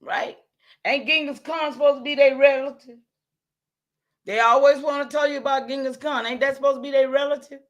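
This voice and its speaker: A woman's voice: sits high, fairly even intonation, a little fast, highs cut off. A woman hosting a livestream, talking straight to her viewers, emphatic and repeating herself, swearing when heated and then apologising. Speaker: livestream host.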